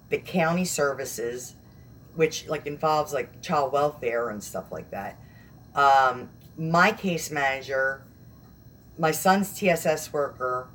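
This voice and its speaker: A woman's voice: sits low, a little hiss or hum. Chatty, rambling young woman vlogger. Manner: rambling, chatty, laughs often. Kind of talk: casual live-stream chat.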